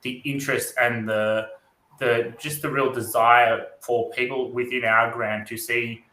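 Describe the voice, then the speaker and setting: A man answering interview questions in a thoughtful, halting way, with many fillers. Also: medium pitch, level tone, sharp tone. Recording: roomy echo.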